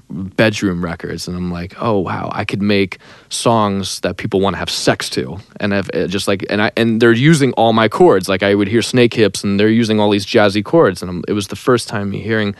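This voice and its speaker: Young male songwriter guest, low voice, dry close mic, animated anecdotes. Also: normal speed, no echo. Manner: animated, imitates others' voices in his stories. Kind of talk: casual storytelling.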